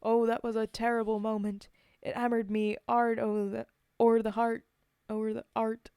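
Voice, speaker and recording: A woman's voice: mid-range voice, level tone, a little slow, dark tone, smooth, no room sound, clean studio sound, close to an everyday voice. A woman reading a poem aloud as a boastful male gambler soldier, in a put-on accent and a theatrical recital manner. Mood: dramatic. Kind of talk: dramatic poetry reading.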